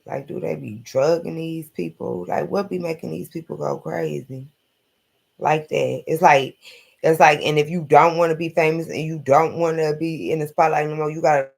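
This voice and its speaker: A man's voice: fairly high pitch, fairly even intonation, moderate pace, gravelly. A man hosting a casual late-night live stream, rambling bluntly and profanely through his opinions.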